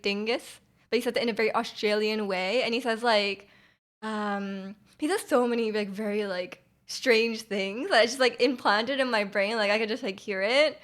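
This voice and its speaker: Young woman streamer rambling to chat, kinda high voice, giggly, lots of "like". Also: a bit bright. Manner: chatty, rambling, many fillers and giggles. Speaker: livestreamer. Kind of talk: casual chat with viewers.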